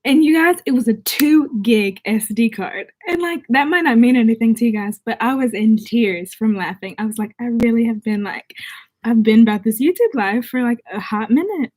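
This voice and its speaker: A woman's voice: a little high, animated, normal speed, a little mellow. A young woman from the southern United States without a Southern accent, chatting casually and bubbly on a livestream as she reads viewer comments. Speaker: vlogger.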